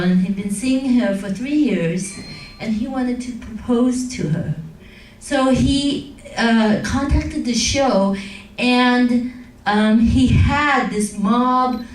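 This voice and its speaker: A woman's voice: sits high, slight background noise. A woman pastor preaching a sermon in a conversational storytelling manner, recorded in a church sanctuary. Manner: conversational, retells a story with quoted voices. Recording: echoey room, distant mic.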